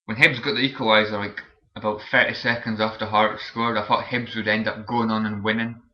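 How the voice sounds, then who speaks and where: A man's voice: fairly low pitch, flat delivery, fairly quick. A young man from Scotland with a Scottish Borders accent, chatting casually in a vlog and rambling with lots of fillers and restarts. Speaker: vlogger. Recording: roomy, dull lo-fi webcam audio.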